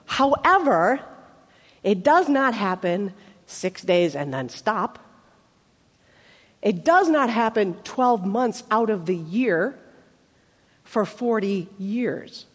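A woman preacher giving a sermon in a conversational way, with dramatic pauses. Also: mid-range voice, big pitch swings, in a large hall.

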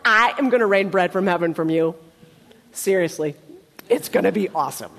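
A woman preacher voicing God as an excited, casual male deity who gushes in playful slang. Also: lowish voice, moderate pace, vocal fry, in a large hall, voice pushed down.

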